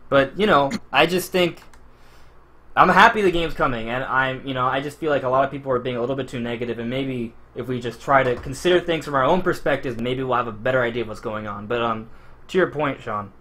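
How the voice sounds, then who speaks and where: A man's voice: mid-range voice, fast talker, pushed and bright. A man hosting a casual podcast discussion, talking at length in a rambling way with frequent restarts. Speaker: podcast host.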